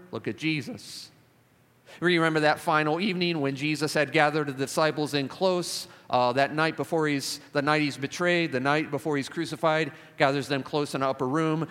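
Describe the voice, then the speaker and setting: A man's voice: a little high, normal speed, fairly bright tone. A man preaching a sermon, emphatic and repetitive, building phrases to fervent climaxes. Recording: long reverb of a large hall.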